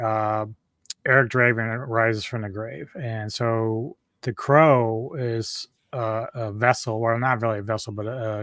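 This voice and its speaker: A man's voice: mid-range voice, sharp tone. A male podcast host talking through a film's story in a loose, rambling way, stumbling and restarting as he goes. His voice sits in an ordinary middle register. The recording is dry and close, with no room echo. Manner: rambling plot recap with frequent restarts. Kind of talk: casual film review chat.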